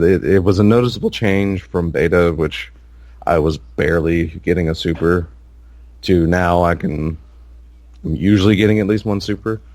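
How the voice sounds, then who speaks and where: A man's voice: sits low, darkish tone, no room sound. A man co-hosting a casual gaming podcast, rambling with lots of fillers and restarts. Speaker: podcast co-host.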